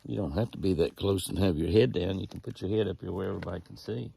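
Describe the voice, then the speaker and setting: Gravelly folksy man. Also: low voice, fast, dark tone. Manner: folksy, coaxing deer in a sing-song call. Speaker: ranch owner and show host. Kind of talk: casual outdoor narration. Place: outdoors at a deer feeding spot.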